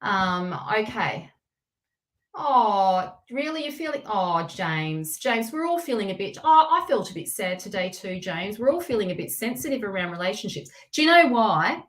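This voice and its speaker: A woman hosting a live tarot reading stream, talking to viewers by name in an excitable, chatty way and laughing often. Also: medium pitch, moderate pace.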